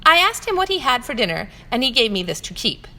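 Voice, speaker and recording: A woman's voice: on the high side, very animated, fast, bright, forceful tone, in a large hall, pitched above the performer's own voice, heavily acted. A woman voicing a small, curious young female elephant in a storybook reading, eager and full of questions. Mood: proud.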